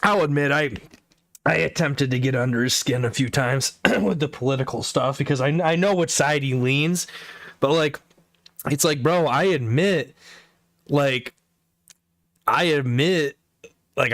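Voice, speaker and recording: A man chats on his livestream in a loose, rambling way, tripping over his words and peppering everything with fillers and curses. His voice sits at an everyday middle pitch, and the sound is dry and close with no room around it. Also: measured pace, fairly bright tone, no echo. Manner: rambling, profane, many fillers and restarts. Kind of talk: casual chat.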